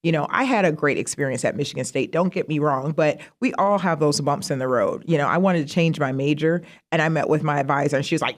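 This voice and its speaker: A middle-aged woman, a university vice president, telling stories in a casual interview, animated and jumping high in pitch when she quotes herself. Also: quick pace, few pauses. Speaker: guest, university vice president of student affairs.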